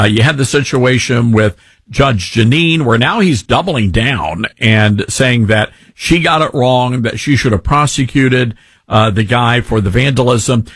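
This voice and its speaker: A man hosting a talk radio show, wry and animated with sarcastic asides. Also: medium pitch, breathy edge, no echo, clean studio sound. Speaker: radio host.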